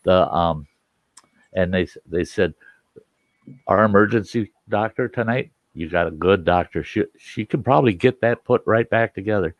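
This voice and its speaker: A man casually telling a rough personal anecdote, acting out what people said. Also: sits low, moderate pace, dry recording, muffled recording. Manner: animated anecdote with acted-out quotes. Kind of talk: casual storytelling.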